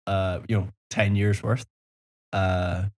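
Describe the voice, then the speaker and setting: A man in his thirties co-hosting a podcast, laughing often and rambling in a relaxed way. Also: deep voice, slow pace. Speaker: podcast co-host. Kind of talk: casual chat.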